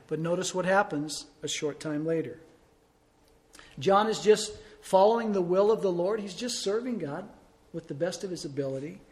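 Man preaching with rising, falling emphasis. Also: high-pitched. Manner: conversational preaching with rhetorical questions, swinging loud and soft. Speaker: pastor. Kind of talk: sermon.

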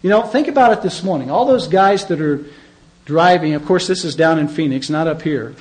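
Emphatic, slightly high-voiced preacher man. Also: animated, brisk, poor audio. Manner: conversational, emphatic preaching with rhetorical questions. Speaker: pastor. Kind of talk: sermon.

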